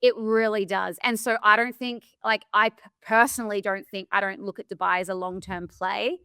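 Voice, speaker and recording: A woman's voice: medium pitch, moderate pace, clean tone, no echo. An Australian woman in her thirties co-hosting a podcast, telling stories frankly and animatedly in casual chat. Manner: frank, animated storytelling with laughs and swearing. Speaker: podcast co-host.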